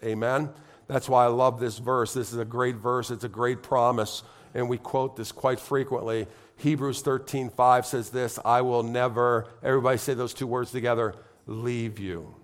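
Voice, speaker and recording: Middle-aged guy preaching in church, heartfelt and chatty, gets loud and emphatic. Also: mid-range voice, level tone, normal speed. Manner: emotional, conversational preaching with rising emphasis. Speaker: pastor. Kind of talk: sermon.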